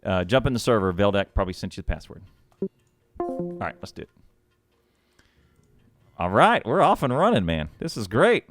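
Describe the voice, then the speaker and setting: A man hosting and casting a game match on a live stream, chatty and quick to laugh. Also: on the low side, very animated, faint music behind. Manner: chatty, with lots of laughs and restarts. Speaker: shoutcaster and match host. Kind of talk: casual live stream talk.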